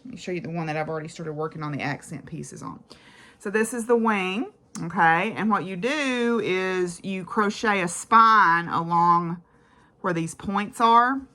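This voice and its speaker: A chatty woman talks through her knitting and stitching projects at home in a relaxed, rambling vlog. Her voice sits a little low but sounds bright and forward, and she fills the pauses with "uh" and "so". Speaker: crafting vlogger. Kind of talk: casual chat about craft projects.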